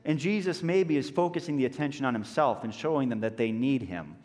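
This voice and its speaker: A man preaching a sermon as a pastor, telling stories with lively, acted-out voices. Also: medium pitch, fairly quick, big-room sound. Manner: animated storytelling, acting out voices of people in the story.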